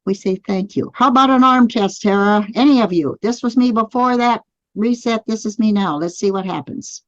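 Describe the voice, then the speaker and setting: A woman's voice: medium pitch, normal speed, no room sound, lo-fi sound. Woman leading a live online lesson. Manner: guiding listeners through spoken affirmations. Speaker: energy healing teacher. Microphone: computer mic on a live video stream.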